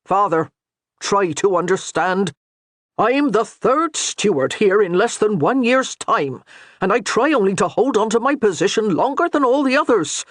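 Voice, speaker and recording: A man's voice: high voice, very animated, a little slow, fairly bright tone, no echo, studio quality, pitched above the performer's own voice, exaggerated voice. A man doing a harried, patient steward. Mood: earnest. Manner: earnest, strained patience.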